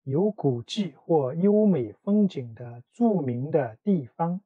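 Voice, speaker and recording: A man teaching a language lesson, explaining in English between slow examples with many fillers. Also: a little high, lively intonation, slightly rough, dry recording, narrow, tinny audio. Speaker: Mandarin teacher.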